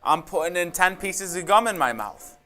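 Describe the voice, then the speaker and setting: A man's voice: high-pitched, animated, moderate pace, pushed and bright, faint music behind. A man co-hosting a live sports stream, joking along and reading out viewer donations. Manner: playful, joking banter, reads super chats. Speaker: co-host.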